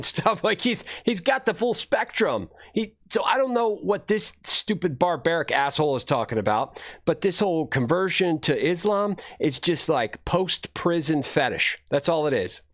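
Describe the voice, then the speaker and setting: A man's voice: fairly high pitch, fairly bright tone. A man streaming casual commentary on videos he watches, blunt, rambling and profane.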